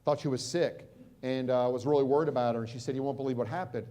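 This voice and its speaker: A middle-aged American man giving a motivational seminar talk, quizzing the crowd and swinging from loud punches to hushed moments. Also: medium pitch, steady tone, quick pace. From United States. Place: stage at a live seminar.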